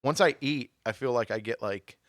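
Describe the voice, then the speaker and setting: A man's voice: mid-range voice, normal speed, dry recording, clean studio sound. A young man co-hosting a comedy podcast, chatting casually in a joking, blunt and crude way. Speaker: podcast co-host.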